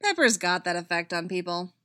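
A woman voicing a cocky, fast-talking male genius inventor who speaks through a small robot, flippant and teasing. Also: fairly low pitch, sing-song, pushed and bright, clear, resonant tone, dry recording, clean studio sound.

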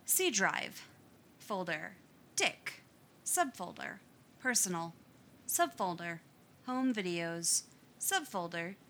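Woman, story narration, slow unhurried delivery, bright voice, lively pitch. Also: slight background noise. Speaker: story reader. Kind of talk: audiobook narration of fan fiction.

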